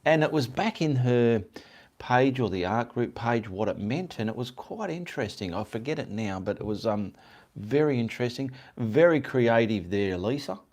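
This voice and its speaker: A man's voice: mid-range voice, animated, moderate pace, darkish tone. An Australian man from Perth hosting a casual live stream, rambling and greeting viewers by name. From Perth, Western Australia. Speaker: livestream host and artist.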